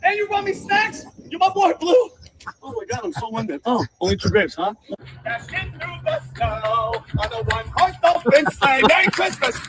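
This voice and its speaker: A man's voice: very high voice, big pitch swings, moderate pace, a crowd in the background, heavily acted, low-quality recording. A man voicing a rowdy, foul-mouthed male wild animal in a comedy clip, talking brash slang.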